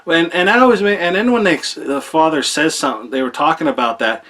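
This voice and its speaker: A man's voice: a little high, quick pace, fairly bright tone. A man giving a casual, rambling spoken film review, full of fillers, restarts and the odd swear word. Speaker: movie reviewer.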